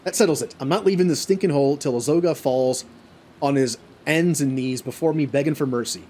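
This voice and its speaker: A man voicing a brash, tough-talking warrior woman in his own plain, husky voice. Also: fairly high pitch, brisk, darkish tone. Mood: defiant.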